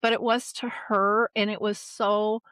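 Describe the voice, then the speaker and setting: A woman's voice: medium pitch, flat delivery, a little slow, fairly bright tone, smooth, no echo. A middle-aged woman, a dementia care advocate, earnestly recounting a personal family story with emotion and a few restarts.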